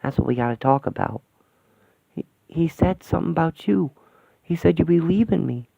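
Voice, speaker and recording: A man's voice: a little high, animated, moderate pace, vocal fry, dark tone, no room sound, full character voice. A man voicing a brash, blunt, sarcastic older woman in a radio play. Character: brash loud-mouthed older woman companion. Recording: thin phone-like, dry sound.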